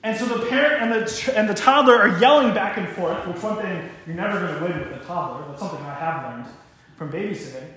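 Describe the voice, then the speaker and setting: A young male pastor giving a sermon, telling stories with animated voices for God and a parent. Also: sits high, brisk, a crowd in the background. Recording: very echoey church room.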